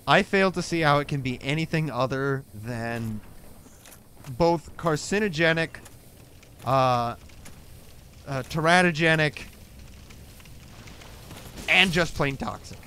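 A man's voice: fairly high pitch, slow pace, long pauses, bright, forceful tone, slight background noise. A man co-hosting a let's play, arguing in a pedantic, sarcastic way during casual gaming commentary.

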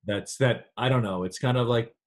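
A man being interviewed over a video call, chatting casually and animatedly with frequent laughs. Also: mid-range voice. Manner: animated, laughs often, quick asides. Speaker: actor guest.

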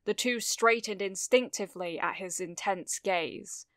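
Smooth-voiced woman reading a story. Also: medium pitch, unhurried, a bit bright, dry recording, clean studio sound. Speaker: fan fiction reader. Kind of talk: storytelling narration read aloud.

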